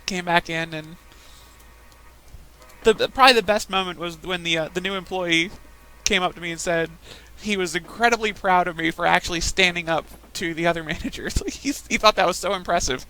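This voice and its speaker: Bright-voiced young woman chatting while gaming. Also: lowish voice, fairly quick, low-quality recording. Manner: rambling storytelling, frequent laughs. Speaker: gaming podcaster. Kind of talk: casual chat while playing a game.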